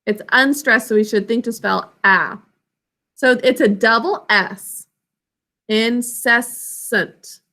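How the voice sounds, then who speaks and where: A woman teaching a spelling lesson in a high voice with a crisp, bright edge. She draws each word out slowly, sounding out its syllables. She keeps calling on the class to repeat after her. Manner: slow, drawn-out enunciation of words and sounds; call-and-response prompting.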